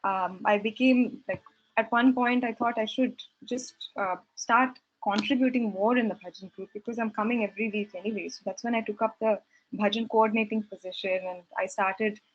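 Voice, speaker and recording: A woman's voice: a little high, steady tone, normal speed, muffled recording, slight background noise. A young woman telling her story at a devotional gathering, earnest and reflective, with hesitant restarts. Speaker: satsang speaker sharing her story. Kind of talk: personal testimony talk.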